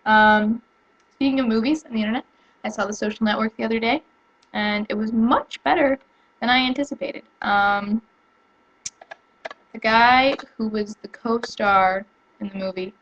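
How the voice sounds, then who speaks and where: Young woman vlogging at home, chatty and excitable, kinda muffled lo-fi audio. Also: on the high side, moderate pace, long pauses. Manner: rambling and excitable, with many fillers and restarts. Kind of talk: casual chat to camera. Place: home room.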